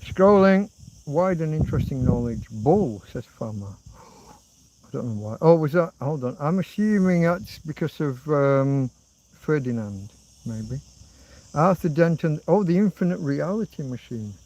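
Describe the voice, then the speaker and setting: A man's voice: on the high side, lively intonation, measured pace, warm tone, muffled recording. A middle-aged man hosting a rambling livestream, reading out viewer comments and answering them as he goes. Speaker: livestream host. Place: outdoors in a rural spot.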